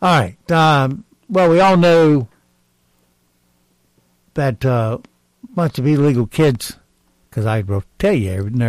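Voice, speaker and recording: A man hosting a radio talk show, reading jokes deadpan and stalling with ums between segments. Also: mid-range voice, no echo, low-quality recording.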